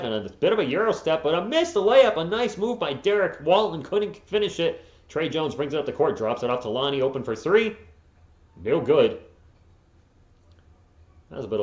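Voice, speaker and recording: A man hosting a live fan stream, calling play-by-play and chatting casually with viewers between plays, often chuckling. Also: medium pitch. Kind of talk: fan play-by-play commentary with chat replies. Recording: roomy, slightly dull home stream audio.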